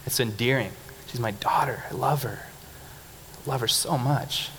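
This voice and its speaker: Young male preacher, mid-pitched, casual and animated, laughs a lot, echoey hall. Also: normal speed. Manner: animated and conversational, laughing often, leading call-and-response. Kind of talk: sermon. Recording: reverberant hall with faint background noise.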